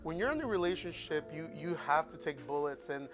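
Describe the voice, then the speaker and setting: A man's voice: on the high side, animated, a little fast, over music. A man on a casual podcast chat, telling rambling, profane stories and acting out the voices of people in them. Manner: profane storytelling, acts out voices. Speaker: guest.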